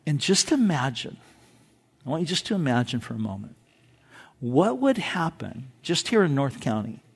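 A male pastor with a gravelly, husky mid-range voice preaches a sermon. He shifts from calm, conversational asides with easy laughs up to loud, fervent peaks.

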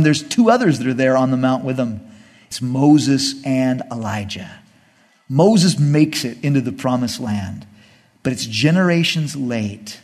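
Husky male pastor, animated sermon delivery, reverberant church. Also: medium pitch. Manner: animated preaching, voices the people and God.

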